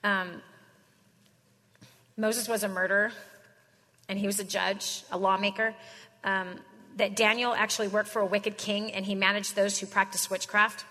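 A woman's voice: medium pitch, level tone, moderate pace, pauses often, sharp tone, long reverb tail. A woman giving a casual, slangy sermon, telling stories in a chatty way. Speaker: Christian speaker.

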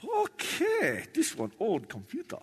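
Lively high-voiced comedian, echoey hall. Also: male voice, unhurried, breathy edge. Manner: clipped broken English with chanted shouted name lists. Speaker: stand-up comedian. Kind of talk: live stand-up with a broken-English stage persona. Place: stage in a large hall with an audience.

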